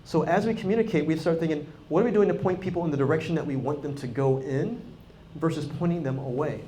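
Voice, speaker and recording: A man giving a live, energetic talk to a conference audience, acting out quoted dialogue and speaking straight to the crowd. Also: a little high, quick pace, a little hiss or hum. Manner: energetic, animated, acts out quoted dialogue, talks directly to the crowd. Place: conference hall.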